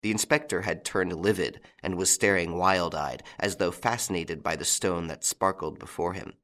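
A man reading a novel aloud as narrator, with an expressive storytelling delivery. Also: low-pitched, normal speed. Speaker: audiobook narrator. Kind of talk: scripted narration.

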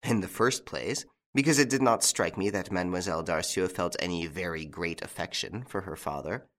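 Guy doing a confident gentleman thief in an audiobook, brisk and wry, low voice. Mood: calm. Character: bold cool-headed gentleman thief, adult man.

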